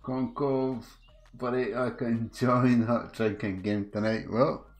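Slow-talking Scottish man, swearing storyteller. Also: mid-range voice, fairly even intonation. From Scotland. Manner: swearing, laughing storyteller with frequent restarts. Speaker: game streamer. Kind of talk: casual chat with live viewers. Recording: faint music behind.

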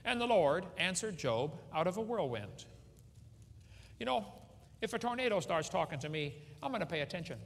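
A middle-aged man gives a folksy, joking seminar sermon with a high voice that swings widely in pitch. The sound rings with long hall reverb over a faint background hum. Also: big pitch swings, normal speed. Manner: folksy, joking, asks the audience questions. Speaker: creationist speaker. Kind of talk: humorous seminar preaching to a live audience.

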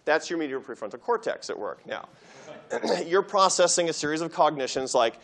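A man giving a public university lecture, telling a story with lively animation and acting out quoted voices. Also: mid-range voice, normal speed. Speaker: guest lecturer.

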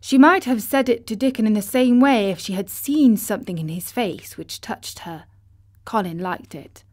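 A woman narrating a children's classic audiobook in a gentle, measured way. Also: mid-range voice. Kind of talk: storybook narration.

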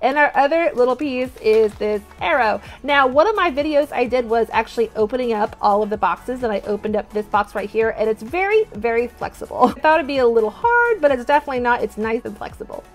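A young woman with a bright, high voice talks through a toy unboxing in a bubbly, gushing way. Faint music plays softly behind her. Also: lively intonation, brisk, few pauses. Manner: bubbly, gushing, bursts into squeals and cheers. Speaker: toy unboxing channel host. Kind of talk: excited unboxing vlog.

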